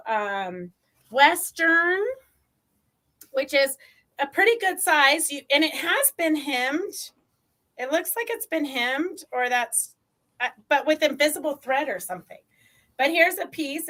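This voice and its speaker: A woman's voice: high voice, fairly bright tone. A woman hosting a live sewing stream, chatting casually and rambling with lots of ums as she shows fabric. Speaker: host of a live sewing show.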